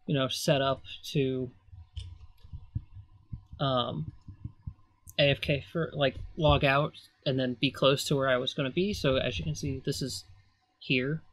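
A man's voice: mid-range voice, fairly even intonation, unhurried, long pauses, a bit bright, no room sound. A man giving casual gameplay commentary as a let's player, rambling with sarcastic asides.

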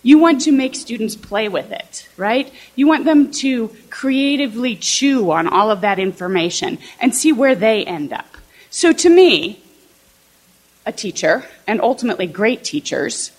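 A woman's voice: on the high side, expressive, a little slow. Woman professor giving a chatty teaching talk. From southern Illinois, USA. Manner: conversational, keeps checking in with the audience. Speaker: political science professor.

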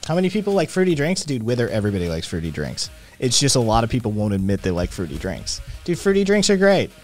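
A man hosting a casual livestream, reading chat messages aloud and answering them with loud, profane, animated opinions. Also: medium pitch, fast talker, faint music behind. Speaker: podcast host reading live chat.

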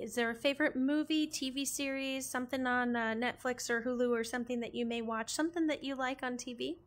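A woman's voice: high-pitched, fairly bright tone. An American woman hosting a casual interview, asking friendly questions and laughing easily. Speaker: interview host.

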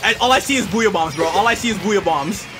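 A man streaming live gameplay, talking to his teammates and viewers and loudly trash-talking opponents. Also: high voice, fast talker, music in the background. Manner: excitable, yells and trash-talks at opponents.

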